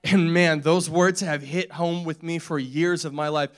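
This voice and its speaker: A man's voice: fairly high pitch, steady tone, a little slow, clear, resonant tone. Young man preaching a casual sermon. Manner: conversational, repetitive, laughs often. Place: church.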